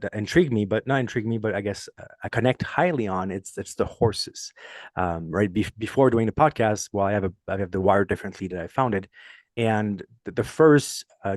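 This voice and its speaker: A man's voice: on the low side, no room sound, clean studio sound. A man with a French Canadian accent hosting a casual podcast chat, earnest and rambling, laughing often as he tells stories. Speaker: podcast host.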